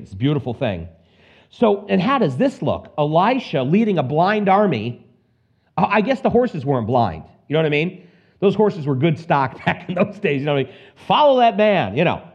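Lively preacher guy, voice jumps all over, kinda muffled lo-fi sound. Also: high-pitched, a little fast. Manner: animated, acts out scenes with put-on voices and asides. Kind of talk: expository Bible sermon. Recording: dull lo-fi recording.

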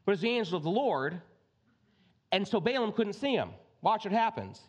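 A male pastor preaches in a high voice that swings widely in pitch. He mixes scripture reading with chatty, direct asides to the congregation, and his delivery is lively and conversational. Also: moderate pace, muffled recording. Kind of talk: sermon.

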